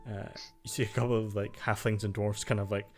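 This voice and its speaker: A man's voice: on the low side, level tone, brisk, soft background music. A man narrating as game master, loose and full of fillers.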